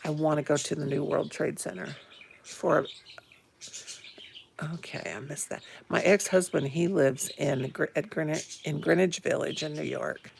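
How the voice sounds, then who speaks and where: A woman in her fifties, a little hoarse, chatting live to viewers from her phone at home and greeting them with pet names. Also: low-pitched, steady tone, a little slow, darkish tone, a little hiss or hum. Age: 50s. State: a bit hoarse. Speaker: live-stream host. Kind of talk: casual live-stream chat with viewers. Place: home, indoors.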